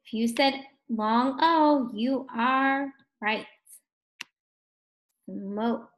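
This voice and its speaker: Woman, first grade teacher; higher voice, unhurried, praising and patient. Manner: slow, encouraging, drawn-out words for children. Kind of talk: phonics lesson for young children.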